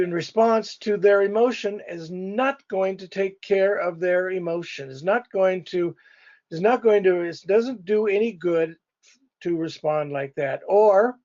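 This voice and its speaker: High-voiced pastor teaching a couples class. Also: male voice, a little mellow, lo-fi sound. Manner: conversational, addresses couples directly.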